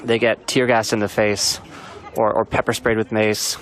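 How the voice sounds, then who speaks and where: A man's voice: fairly low pitch, level tone, normal speed, a bit bright. A man live-streaming from a street protest outdoors, talking in blunt, sardonic commentary and swearing casually.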